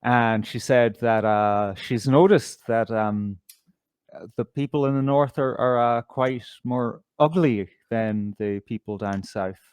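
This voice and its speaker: A man's voice: medium pitch, slow, a little mellow, smooth, no room sound. An Irish man chats casually on a comedy podcast, stumbling through restarts and fillers. His voice is recorded close and dry, with no room around it. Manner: hesitant, stammering, dry. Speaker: co-host.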